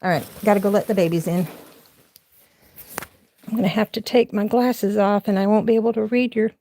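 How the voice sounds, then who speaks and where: A woman's voice: medium pitch, fairly even intonation, fairly quick, warm tone, slight background noise. Chatty Southern woman hosting a late-night craft stream. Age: 40s. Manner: chatty and rambling, laughs often, talks to her viewers. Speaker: crafting livestream host. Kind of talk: casual live-stream chat. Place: her home, moving from room to room.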